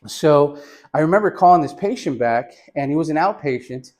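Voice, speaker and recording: A man with a fairly high voice teaches chest X-ray positioning in a relaxed, conversational way. He addresses his students as "you guys" and raises his voice to call breathing instructions to a patient. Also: normal speed. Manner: gives patient instructions loudly. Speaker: radiography instructor. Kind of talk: hands-on teaching demonstration and storytelling.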